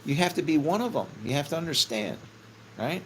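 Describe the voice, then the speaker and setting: A man's voice: on the high side, expressive, fairly quick, background noise. A middle-aged man musing casually on faith, rambling, often laughing and swearing offhand. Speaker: vlogger.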